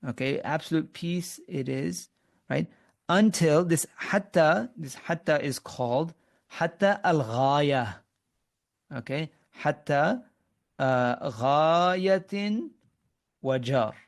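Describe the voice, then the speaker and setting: A man's voice: a little high, slow pace, vocal fry. A man teaching Arabic grammar in an online webinar lesson, explaining step by step, quizzing his students and often restarting his sentences.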